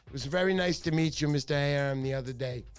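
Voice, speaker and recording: Middle-aged man, livestream host, playful joking tone, slightly high voice, faint music behind. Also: quick pace, clean tone. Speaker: fishing channel host. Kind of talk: casual livestream chat.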